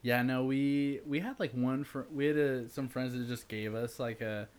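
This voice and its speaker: A man's voice: mid-range voice, moderate pace, a little mellow, clear, resonant tone. Laid-back man chatting with friends. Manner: rambling, laughs often, fillers like "like". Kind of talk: casual chat among friends.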